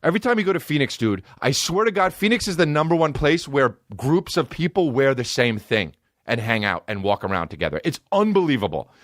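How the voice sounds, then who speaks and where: A man hosting a comedy podcast, ranting in a profane, animated way that swings from loud outbursts to low mutters. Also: fairly quick, no room sound, studio quality.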